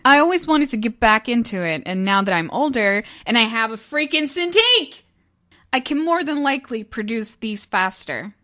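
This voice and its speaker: A young woman narrating an animated story vlog in an excitable, giggly, gushing way. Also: a little high, normal speed.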